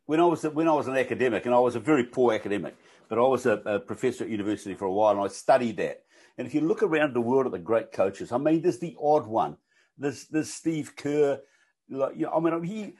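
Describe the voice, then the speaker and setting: Older kiwi guy, husky voice, chatty and a bit sweary, lots of restarts. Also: medium pitch, lively intonation, brisk, a little mellow. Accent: New Zealand. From New Zealand. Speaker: guest coaching expert. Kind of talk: casual conversation and storytelling.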